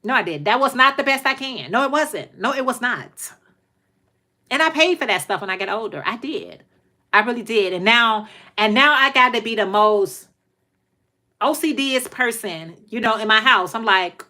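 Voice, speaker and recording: A woman's voice: fairly high pitch, animated, normal speed, pushed and bright. A middle-aged woman hosting a casual livestream, chatting to viewers in a talkative, folksy way and often repeating herself. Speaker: livestream host.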